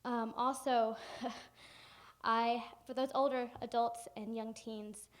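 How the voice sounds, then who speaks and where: A woman's voice: on the high side, slow pace. A young woman giving a keynote speech, telling a personal story with humor and acting out the people in it. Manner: animated and humorous, acting out family members. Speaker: keynote speaker. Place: conference hall.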